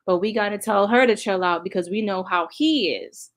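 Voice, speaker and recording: A woman's voice: medium pitch, moderate pace. A woman vlogger talking straight to her viewers in a casual recap, emotional and sighing often. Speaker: vlogger recounting past events. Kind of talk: casual reaction commentary.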